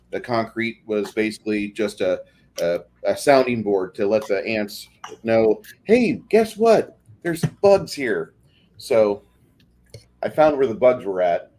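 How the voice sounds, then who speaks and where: A man with a fairly low voice hosts a casual gaming livestream. He rambles and chats and restarts his sentences as he goes. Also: a little slow, darkish tone, slight background noise. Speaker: stream host. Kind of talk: casual chat.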